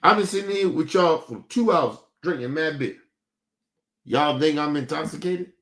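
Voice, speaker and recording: A man's voice: fairly high pitch, moderate pace, fairly bright tone. A young man, hosting a stream and ranting about his family in a heated, profane, repetitive way. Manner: heated, profane, repeats himself. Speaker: streaming show host. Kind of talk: casual rant to a stream audience.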